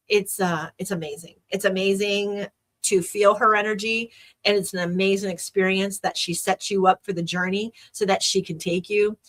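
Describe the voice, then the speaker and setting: With a medium pitch and a fairly bright tone, this podcast host talks on her own in a casual way. She's chatty, rambling and enthusiastic.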